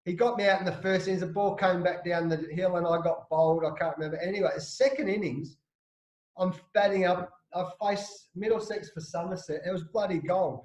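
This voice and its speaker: A middle-aged Australian man, a former cricketer, telling animated stories with restarts in a casual interview. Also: high voice, fairly quick, reverberant, poor audio. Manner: animated anecdotes with frequent restarts and laughs.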